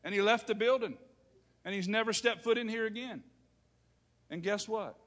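A man preaching a sermon, swinging between loud preaching and quiet storytelling. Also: high voice, moderate pace. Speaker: pastor. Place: church sanctuary. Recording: long reverb of a large hall.

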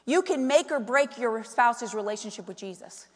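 A woman preaching a sermon, animated and full of questions to the congregation. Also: on the high side, moderate pace, in a large hall. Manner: animated, asks the crowd many questions. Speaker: pastor's wife preaching.

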